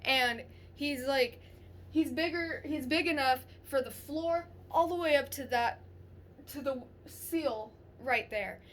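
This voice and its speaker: High, bright young woman telling a scary story. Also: takes it slowly. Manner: rambling, frightened, swears casually. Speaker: storyteller sharing a paranormal experience. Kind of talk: casual storytelling.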